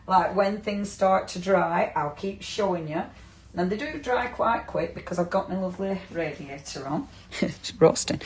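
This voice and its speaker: A woman's voice: on the low side, a little mellow. Chatty woman demonstrating crafts live. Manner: chatty, effusive, talks to viewers by name. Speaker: shopping channel crafting presenter. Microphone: earpiece with producer talkback.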